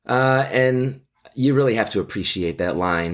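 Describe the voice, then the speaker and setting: A man's voice: mid-range voice, animated, a little slow. A man hosting a podcast and teaching, casually explaining a play in a playful, chatty way with jokes.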